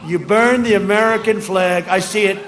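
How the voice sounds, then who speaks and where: An older man giving a rambling, boastful and mocking campaign speech to a rally crowd, often shouting his points. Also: high voice, normal speed. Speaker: politician addressing a rally. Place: large outdoor rally. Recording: echoing PA sound over a loud crowd. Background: crowd ambience.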